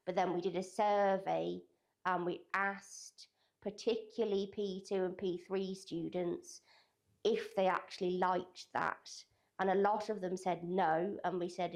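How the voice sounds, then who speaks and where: A woman's voice: on the low side, vocal fry, darkish tone. A young woman working as a digital communications apprentice at a college, answering interview questions in a loose, hedging way full of "kind of" and "sort of".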